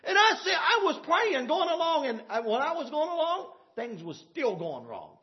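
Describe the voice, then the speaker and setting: A man preaching a sermon, swinging from loud shouted points to low murmurs, with laughing asides. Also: big pitch swings, normal speed, highs cut off.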